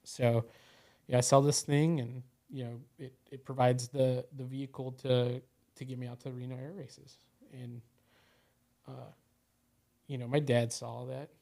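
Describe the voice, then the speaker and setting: Male podcast guest, casual rambling storyteller, average pitch. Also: level tone, unhurried, vocal fry, long pauses, warm tone. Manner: rambling, full of "you know" and "like".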